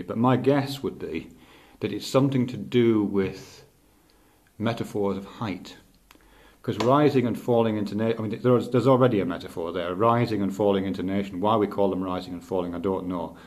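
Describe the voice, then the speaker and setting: Thoughtful lower-voiced man musing aloud. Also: darkish tone. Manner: thoughtful, halting, with many restarts. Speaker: teacher. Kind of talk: unscripted spoken reflection.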